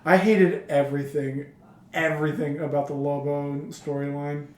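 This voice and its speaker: A man's voice: fairly high pitch, little pitch movement, normal speed, darkish tone, distant mic. A man co-hosting a podcast in casual chat, hesitant and full of restarts. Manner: hesitant, many fillers and restarts. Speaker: podcast co-host. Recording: roomy echo.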